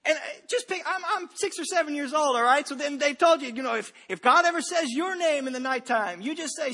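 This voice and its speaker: High, bright-voiced pastor telling stories. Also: male voice, fast, gravelly. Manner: conversational, humorous storytelling with frequent restarts. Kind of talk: sermon. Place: church stage.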